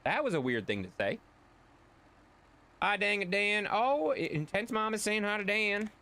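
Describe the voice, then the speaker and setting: A man's voice: sits high, sing-song, normal speed, pushed and bright. A man streaming live, chatting casually and rambling as he answers viewers' chat.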